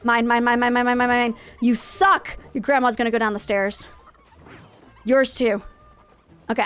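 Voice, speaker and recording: A woman live-streaming a game in casual chat, greeting viewers and going off on playful, jokingly dramatic rants. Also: fairly high pitch.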